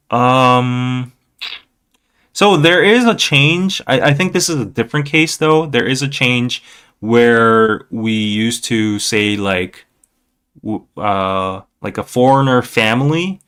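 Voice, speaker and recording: A man's voice: mid-range voice, a bit bright, smooth. Chatty man hosting a podcast. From South Korea. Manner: loose, chatty, heavy on fillers like "like" and "you know". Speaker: podcast host. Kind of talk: casual podcast chat.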